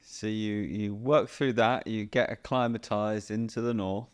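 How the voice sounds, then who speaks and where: Male interview host with a low voice, gentle and prompting. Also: fairly even intonation, measured pace, smooth, no room sound. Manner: gentle, prompting, brief affirmations. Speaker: podcast host. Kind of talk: interview questions.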